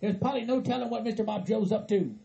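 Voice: mid-range voice, fast, creaky, warm tone, dull audio, lightly acted. A performer voicing an eager, dim hillbilly man who drawls and stammers in a comedy skit. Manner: drawling, stammering, says "by God".

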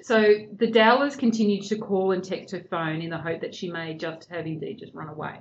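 A woman with a fairly low voice walks her friends through a true-crime case in a subdued, chatty way. Her voice comes through a dull, lo-fi recording. A faint hiss sits underneath. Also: steady tone, a little fast. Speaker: podcast host telling the case. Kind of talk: casual true-crime podcast chat. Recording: dull lo-fi sound with faint noise.

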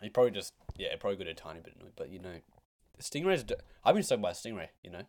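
A man's voice: sits low, sing-song, very fast, a little mellow, dry recording. A man co-hosting a casual podcast chat, rambling and giggly, with many fillers as he tells stories.

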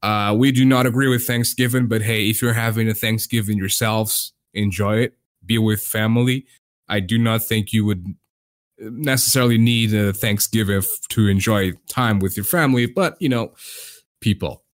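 A man's voice: fairly low pitch, steady tone, normal speed. A young man hosting a casual podcast, rambling and hesitant with plenty of fillers. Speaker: podcast host.

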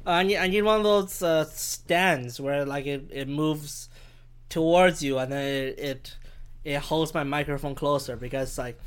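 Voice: mid-range voice, steady tone, unhurried, clear, resonant tone. Solo podcast rant, rambling, profane, self-mocking, mic held too far away. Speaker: podcast host. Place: home in Vancouver. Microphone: handheld microphone held too far from the face.

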